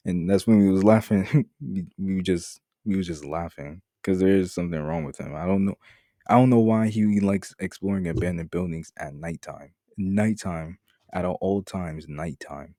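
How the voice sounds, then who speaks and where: A man's voice: low-pitched, normal speed, warm tone, dry recording, studio quality. A young man telling a story-time vlog in a casual, profane, rambling way with many restarts. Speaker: vlogger.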